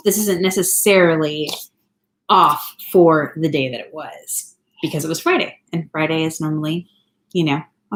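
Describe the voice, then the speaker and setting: This low-pitched woman speaks at a moderate pace in a roomy-sounding space with slight background noise. She's a vlogger in her thirties from California, rambling and laughing often as she chats casually on a live stream from indoors at home.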